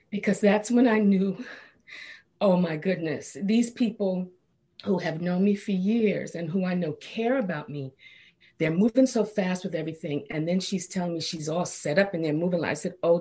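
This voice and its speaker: A woman with a lowish voice tells her story as a guest in a studio. She acts out what others said, her pitch leaping up and down as she goes. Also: breathy edge. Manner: expressive, acts out quoted dialogue with big pitch swings. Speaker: guest cancer survivor. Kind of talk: personal storytelling in a studio interview.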